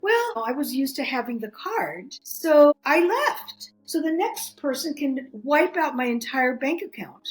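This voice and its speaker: A middle-aged woman, a podcast guest, telling a personal story in animated casual talk. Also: high voice, moderate pace, few pauses, faint music behind, poor audio. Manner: animated, chatty, acts out quoted voices.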